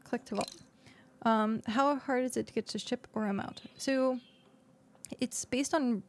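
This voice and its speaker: A woman's voice: fairly high pitch, darkish tone. A woman streamer chatting casually as she plays and explains a game, with lots of fillers, into a desk microphone. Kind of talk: casual gameplay commentary. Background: faint background music.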